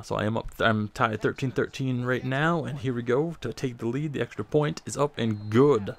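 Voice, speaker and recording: A man's voice: medium pitch, gravelly. A man casually commenting over his football video game, rambling and self-deprecating, a bit out of breath. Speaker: gaming commentator.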